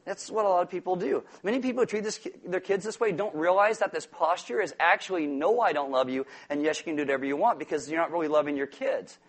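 Male pastor, high voice, animated sermon delivery with acted-out quotes. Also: quick pace, hardly any pauses. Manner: animated, acts out quotes and toddlers with big swings in volume.

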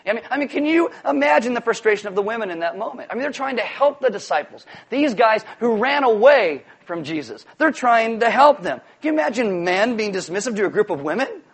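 Animated high-voiced male pastor. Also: fairly quick, hardly any pauses, slightly rough. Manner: animated, jokey, acts out voices. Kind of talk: sermon.

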